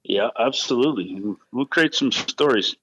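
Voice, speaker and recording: Brief: male co-host, mid-pitched and bright, blunt, joking rants. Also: expressive, moderate pace, slight background noise. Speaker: podcast co-host. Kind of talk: casual chat.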